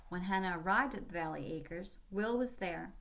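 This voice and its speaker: A woman's voice: on the low side, moderate pace, creaky. Woman narrating a storybook. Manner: steady storytelling. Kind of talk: audiobook narration.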